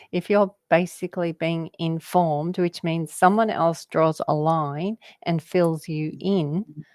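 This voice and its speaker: A woman's voice: fairly low pitch, no echo. A woman talking casually about spirituality, rambling and laughing often as she jumps between word associations. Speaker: guest.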